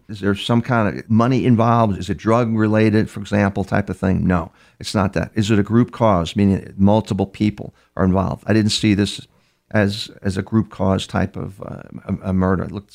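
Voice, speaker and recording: An older man with a gravelly, slightly mellow voice pitched on the low side speaks a little fast in a steady tone. He's a criminal profiler appearing as an interview guest, telling stories conversationally, often restarting and repeating words.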